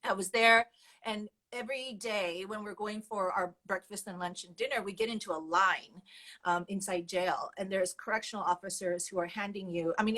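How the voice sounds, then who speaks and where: A woman's voice: medium pitch, fairly bright tone, rough recording. A woman guest telling her personal story candidly and animatedly, laughing often as she goes.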